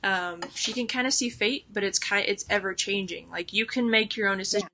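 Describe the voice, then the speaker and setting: A young woman with a bright, forward voice chats casually about a book. She strings her thoughts together loosely, full of "like" and restarts, and often laughs between them. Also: medium pitch, fairly quick. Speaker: book vlogger.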